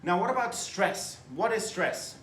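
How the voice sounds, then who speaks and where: Animated male teacher in an echoey classroom. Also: sits high, a little slow, slight background noise. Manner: lively, emphatic, asks the class questions. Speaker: test-prep teacher. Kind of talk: classroom lecture.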